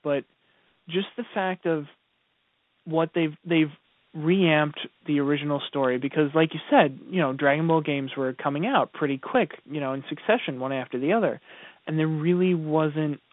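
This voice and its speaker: A man's voice: a little high, normal speed, no echo. A man co-hosting a radio show, talking casually with many fillers and restarts. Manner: hesitant, lots of fillers and restarts. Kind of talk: casual live radio chat. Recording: tinny phone-like sound, dry.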